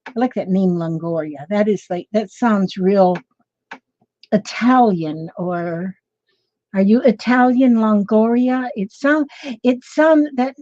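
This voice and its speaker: A woman's voice: medium pitch, mellow, no room sound, dull audio. A woman hosting a craft livestream, chatting casually and rambling as she greets viewers by name. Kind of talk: casual live chat with viewers.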